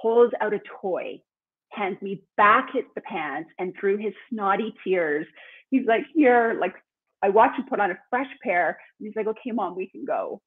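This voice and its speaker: A woman guest, an author and speaker, telling a lively story in conversation over a remote call. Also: mid-range voice, moderate pace, slightly rough. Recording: tinny phone-line sound.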